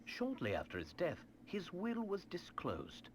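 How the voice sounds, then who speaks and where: Game cutscene: a genteel gentleman-detective professor, formal and measured, pitch swinging widely, under audible background noise. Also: huge pitch swings, full character voice. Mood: composed. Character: refined British male professor, calm gentleman detective. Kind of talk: video game cutscene dialogue.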